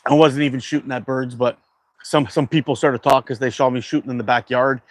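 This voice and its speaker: A man's voice: medium pitch, steady tone, a little fast, no room sound. Laid-back man chatting on a livestream. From Canada. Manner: chatty, reads viewer comments aloud; laid-back, rambling with fillers. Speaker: livestream host. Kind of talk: casual livestream chat.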